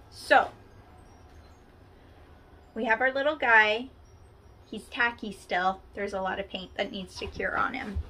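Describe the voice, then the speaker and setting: A woman's voice: fairly high pitch, background noise. A woman hosting a casual craft tutorial, chatting to the viewer and poking fun at herself as she works. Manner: chatty and self-deprecating, talking to the viewer while working.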